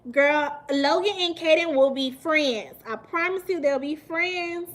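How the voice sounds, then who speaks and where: High-voiced animated woman. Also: a little slow. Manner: animated, emphatic, laughs often, repeats for emphasis. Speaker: mukbang livestream host. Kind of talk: casual live-stream chat with viewers.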